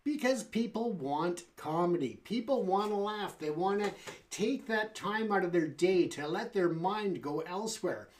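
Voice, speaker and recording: A man's voice: sits high, lively intonation, measured pace, slight background noise. A man hosting a talk show, speaking conversationally with fillers and friendly asides to the audience. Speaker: show host. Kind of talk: casual talk show monologue.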